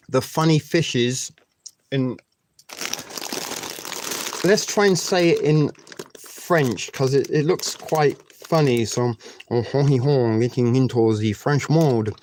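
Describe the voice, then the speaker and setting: A man's voice: mid-range voice, darkish tone, a little hiss or hum. A man in his forties hosting a live stream, chatting casually and crudely joking with his viewers. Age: 40s. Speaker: livestream host.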